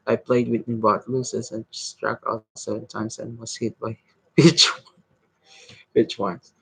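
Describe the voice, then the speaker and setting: A man reading a novel aloud in a halting way, stumbling over words and restarting them. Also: mid-range voice, little pitch movement, breathy edge, no echo, poor audio. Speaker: reader.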